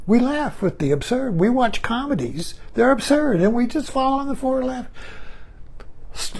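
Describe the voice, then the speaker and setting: A woman's voice: fairly high pitch, dark tone, breathy edge. A woman giving a reflective spiritual talk as a meditation teacher, musing, repeating phrases and chuckling often.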